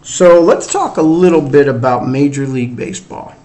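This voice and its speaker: A middle-aged sports podcast host runs a casual solo show, rambling, chatty, and self-deprecating. His accent blends Northern US speech with a Southern drawl, and his mellow, mid-range voice moves at normal speed.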